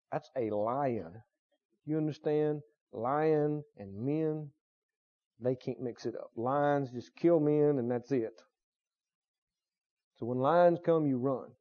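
A man's voice: fairly high pitch, measured pace, muffled recording. A male preacher delivering a sermon emphatically, firing rhetorical questions at his listeners.

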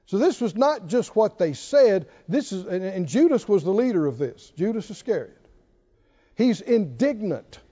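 A man with a strikingly high, mellow voice preaches a sermon in slow, drawn-out phrases. He presses his points with repeated rhetorical questions, and his pitch swings widely. The recording sounds dull and lo-fi.

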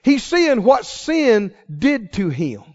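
A man preaching a passionate sermon, pressing his listeners with rhetorical questions and swinging from hushed tones to loud ones. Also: very high voice, big pitch swings, slow. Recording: reverberant hall, muffled sound.

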